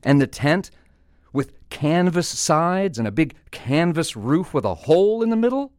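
A man doing a deadpan talking duck. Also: mid-range voice, moderate pace, dry recording, studio quality, close to an everyday voice. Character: dry-witted male talking duck, drywall worker.

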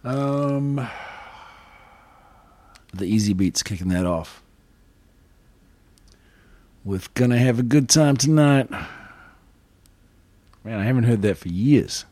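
A man from New Zealand hosting a radio show, chatting in a relaxed, rambling way between records. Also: medium pitch, slow, long pauses, no room sound.

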